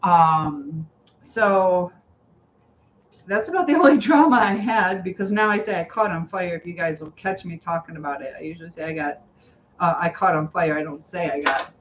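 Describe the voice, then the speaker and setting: A woman's voice: fairly low pitch, moderate pace, slight background noise. Woman rambling to her viewers while cooking at home, kinda muffled stream audio. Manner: chatty, rambling, greets viewers, laughs often. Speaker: cooking livestream host. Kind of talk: casual chat while cooking. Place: home kitchen.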